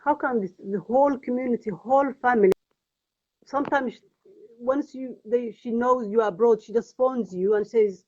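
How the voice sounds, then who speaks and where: A woman from Somalia with a Somali accent and Somali as her first language, speaking English in an earnest, pleading, halting personal vlog testimony. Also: fairly high pitch, darkish tone. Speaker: vlogger. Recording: tinny phone-like audio.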